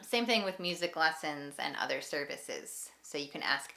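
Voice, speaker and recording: A woman teaching an English lesson, speaking slowly and clearly and repeating example phrases. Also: low voice, expressive, bright, forceful tone. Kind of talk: ESL lesson.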